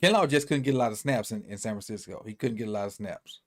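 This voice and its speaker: A man's voice: lowish voice, fast talker. Easygoing man rambling through a sports recap. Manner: loose, rambling, repeats himself, thinks aloud. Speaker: sports commentator.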